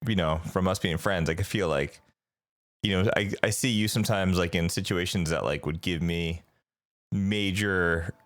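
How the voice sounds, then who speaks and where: A man's voice: low-pitched, moderate pace, a bit bright, dry recording. A man hosting a podcast, bantering casually and laughing along with his guest. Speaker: podcast host.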